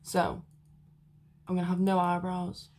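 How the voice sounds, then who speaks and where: A woman's voice: fairly low pitch, completely flat delivery, measured pace, darkish tone. A young woman chatting casually to camera in a vlog, rambling with lots of fillers. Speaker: vlogger. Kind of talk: casual chat.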